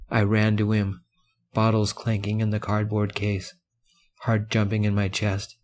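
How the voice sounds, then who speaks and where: Low, even male audiobook narrator. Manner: measured, earnest storytelling. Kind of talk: first-person audiobook narration.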